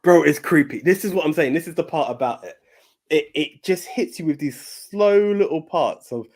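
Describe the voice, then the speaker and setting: A man's voice: fairly high pitch, moderate pace. Stammering podcast host man. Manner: animated retelling, stammering repeats, swears casually. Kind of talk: casual podcast chat.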